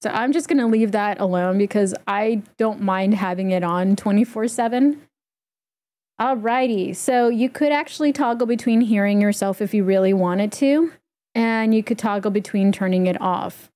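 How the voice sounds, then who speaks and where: A woman walking through a software setup in a casual, chatty tutorial, explaining step by step with easy fillers. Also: medium pitch, moderate pace. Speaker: streamer giving a setup tutorial. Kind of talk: casual screen-recorded tutorial.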